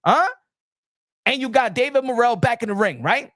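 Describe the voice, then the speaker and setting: A man's voice: very high voice, animated, moderate pace, long pauses, fairly bright tone, no echo, studio quality. Hyped man talking boxing. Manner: hype-driven, repeats phrases. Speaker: boxing channel host.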